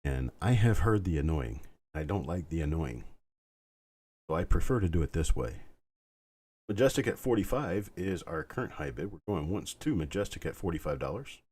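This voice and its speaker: Male auction host, deep voice, slightly husky, calm and soothing bid calls. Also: normal speed. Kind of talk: live online auction calling.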